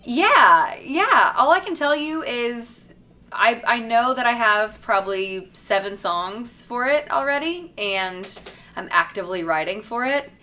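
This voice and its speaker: Taking her time, the Tennessee singer works through fan questions in a chatty, cheerful way, full of fillers like "um" and "like." She sounds fairly high-pitched, bright, animated and forceful.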